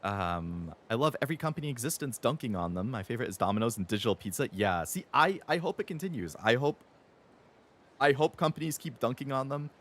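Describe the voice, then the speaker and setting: A young man in his twenties rants on his game stream, heated and profane, and mocks companies in sarcastic voices. His pitch swoops and jumps all over as he gets worked up. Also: lively intonation, quick pace, a bit bright. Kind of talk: ranting live-stream chat.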